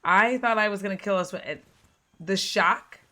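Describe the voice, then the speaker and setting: A woman's voice: medium pitch, moderate pace, sharp tone. Foul-mouthed woman streaming a game. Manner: profane, laughing, exasperated. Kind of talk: casual gameplay commentary.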